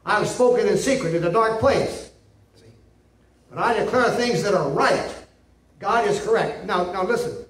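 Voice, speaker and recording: A male pastor preaches emphatically and repetitively, often asking "see?" to check in with listeners. His voice sits high, at normal speed with frequent pauses, and the distant mic in an echoey room picks up a little hiss or hum.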